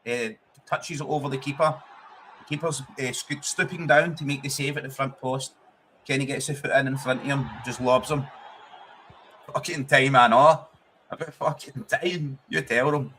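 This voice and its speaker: A man's voice: fairly high pitch, a bit bright. A young Scottish man hosting a football watchalong stream, chatting casually with viewers, swearing freely and laughing often. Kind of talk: casual live-stream commentary and chat.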